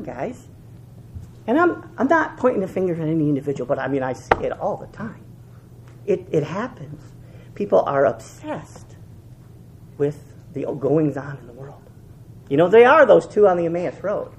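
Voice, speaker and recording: A male pastor delivers a fervent sermon, his voice rising to loud, emphatic peaks and dropping to hushed lows. His pitch moves constantly and expressively, with words repeated for emphasis. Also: big pitch swings, normal speed, long pauses, slight background noise. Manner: repeats and restarts phrases for emphasis.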